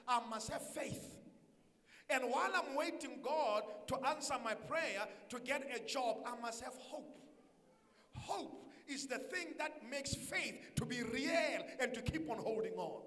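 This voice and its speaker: A man's voice: very high voice, lively intonation, a little slow, a bit bright, big-room sound. A man preaching a sermon as pastor, emphatic, calling out questions and having the congregation answer back. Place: church hall.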